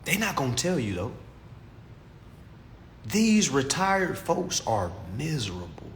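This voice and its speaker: A man delivering a comedic rant to camera in an animated, preachy and mocking way. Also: a little high, slow pace, slight background noise. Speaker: vlogger.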